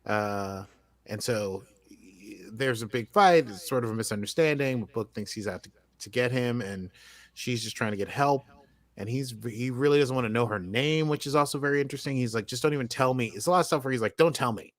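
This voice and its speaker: A man's voice: mid-range voice, fairly quick, no echo. An American man talking through a TV episode with a co-host, in an easygoing, rambling way. He keeps restarting his sentences and leans on fillers as he goes. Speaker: podcast co-host. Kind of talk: casual chat recapping a TV episode.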